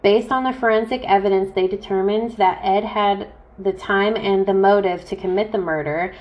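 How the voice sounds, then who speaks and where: A woman co-hosting a true crime podcast, telling the case in a blunt, profane, deadpan way. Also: medium pitch, moderate pace, lo-fi sound. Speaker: podcast co-host. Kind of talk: casual true crime chat.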